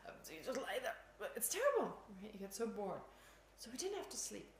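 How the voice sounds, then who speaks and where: A woman's voice: medium pitch, big pitch swings, fast talker, slight background noise. A woman teaching Buddhism in an informal dharma talk, chatty, laughing often and poking fun at herself. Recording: echoey room, faint ambience.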